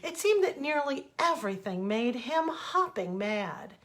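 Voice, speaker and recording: A woman author reading her own fables aloud as bedtime stories, gentle and expressive, into a webcam. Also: fairly high pitch, a little slow.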